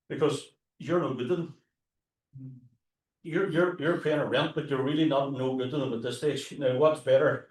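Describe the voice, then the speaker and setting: A man with a Derry accent, a tour guide and historian, talking informally to a live audience, with frequent restarts and asides. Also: mid-range voice. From Northern Ireland. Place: forum hall. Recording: roomy hall, mic at a distance.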